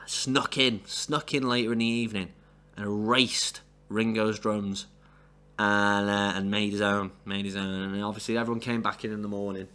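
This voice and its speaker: Rambling low-voiced man reviewing music. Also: little pitch movement, normal speed, pushed and bright, clean tone. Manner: rambling, full of fillers and restarts. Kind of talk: casual solo album review.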